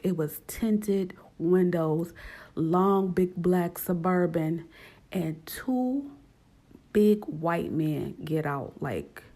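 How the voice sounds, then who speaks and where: A woman tells a personal story in a casual, animated way, her tone warm, switching to a higher voice when acting out quoted lines.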